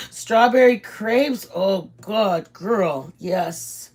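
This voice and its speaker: Her voice sits a little high, and she talks somewhat slowly. As she makes food in her home kitchen, this vlog host rambles through a relaxed live chat, calling out to viewers by name.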